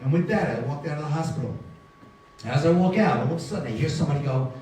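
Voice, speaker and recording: A man's voice: fairly high pitch, fast talker, a little hiss or hum. A middle-aged man giving a live talk, telling his own story and animatedly acting out the dialogue of the people in it. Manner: animated, acts out dialogue in voices. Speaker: guest speaker. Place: large synagogue hall. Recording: echoey hall, mic from far.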